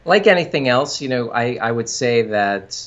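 A man, a company founder, talking casually in an interview, halting with frequent restarts and fillers. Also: medium pitch, expressive, a bit bright, dull audio.

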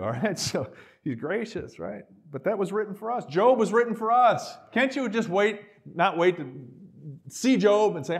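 A middle-aged male pastor preaching a sermon, animated, acting out quoted voices and dropping to quiet asides. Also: high voice, normal speed.

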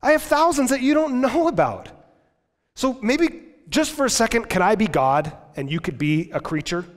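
A man's voice: high voice, very animated, moderate pace, voice pushed up. A man voicing an exasperated divine figure who scolds a prophet in a raised, sarcastic tone, recorded with long church reverb.

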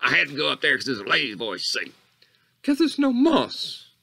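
A man doing rambling Coach Catfish, wildly swinging pitch. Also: wildly swooping pitch, normal speed, vocal fry, bright, forceful tone, husky, full character voice. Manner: rambling, tangent-prone, jumps between squeaky highs and low mutters. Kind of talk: comedic character monologue.

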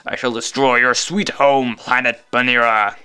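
A man's voice: medium pitch, fairly even intonation, normal speed, sharp tone, clean tone, soft background music. A man voicing a boastful male space pirate villain from a video game, reading the lines with theatrical gloating.

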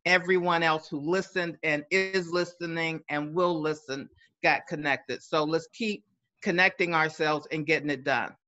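An encouraging woman with a bright voice. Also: low voice, fairly even intonation, measured pace, muffled recording. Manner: encouraging, affirming. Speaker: panelist.

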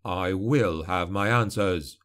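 A man voicing a grim male witch hunter in an audiobook, speaking slowly, low and cold. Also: lightly acted. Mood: cold menace. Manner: slow, low, cold snarling delivery. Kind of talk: audiobook character voice.

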